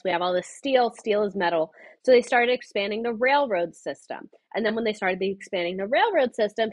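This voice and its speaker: A woman's voice: mid-range voice, no room sound. Chatty, profane young woman streaming a history lesson. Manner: chatty, profane, tangent-prone. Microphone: wireless earbuds.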